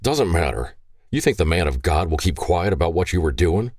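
A man's voice: low voice, big pitch swings, fairly quick, a little mellow, dry recording, studio quality. A man doing a furious, growling father. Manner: stern, growling, commanding. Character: furious protective father, gruff and commanding.

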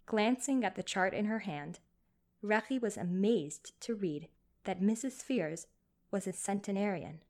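A woman narrating a story in a measured, gently expressive reading. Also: medium pitch.

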